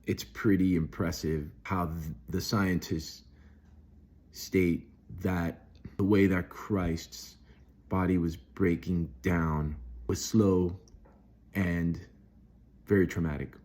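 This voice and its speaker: A man's voice: deep voice, steady tone, takes it slowly, long pauses, darkish tone. A middle-aged man speaking earnestly off the cuff in a devotional monologue, with restarts and bursts of rising emphasis. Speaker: Christian video host.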